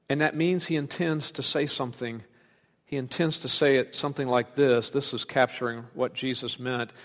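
Male preacher, fairly high voice, animated delivery, long hall reverb. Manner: animated, dramatic shifts between loud emphasis and hushed asides. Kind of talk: expository sermon.

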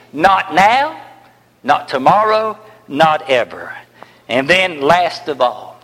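A high-pitched man preaching slowly in a church sanctuary, repeating phrases for emphasis. He swings from ringing declarations to hushed near-whispers. His voice trails off in the long reverb of a large hall. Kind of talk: sermon.

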